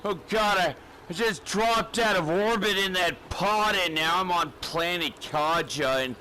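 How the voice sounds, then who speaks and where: A man's voice: sits high, unhurried, bright, forceful tone, slight background noise, rough recording. A man playing a timid, whiny recruit in a comedy spoof, stammering and pleading nervously.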